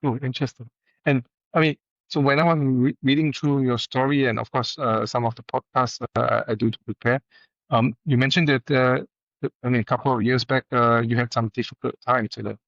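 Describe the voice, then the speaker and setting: A man hosts an interview, asking questions haltingly with many uhs and ums. His voice sits at a middle pitch. The recording is dry and dull, like a lo-fi remote mic. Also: fairly even intonation, gravelly, a bit bright, dry recording. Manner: hesitant, many "uh" and "um" fillers. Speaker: interviewer, podcast host.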